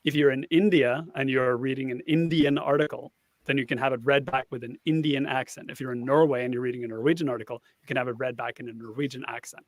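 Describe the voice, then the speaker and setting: A man's voice: mid-range voice, fairly even intonation, fast talker, dry recording. A man, a guest on a casual panel chat, explaining a tool at length and thinking aloud as he goes.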